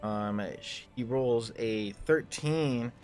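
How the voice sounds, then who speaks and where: A man's voice: medium pitch, extremely slow, darkish tone, faint music behind. A man narrating a tabletop game as game master in a loose, rambling way, full of ums and restarts.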